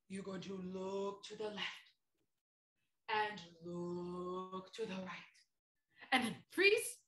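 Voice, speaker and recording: A friendly three-eyed monster, played by a woman, teaches a children's class in a high, lively voice. She speaks slowly and theatrically, counting out each move. Her tone is bright and clear. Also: echoey room, exaggerated voice. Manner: slow, playful and theatrical, counting moves aloud.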